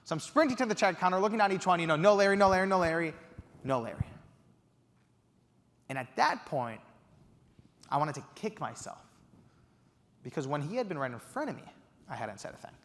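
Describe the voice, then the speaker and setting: A young man giving a keynote speech, telling an animated story with excited quoted outbursts. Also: a little high, a little fast, pauses often. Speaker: keynote speaker. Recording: reverberant hall.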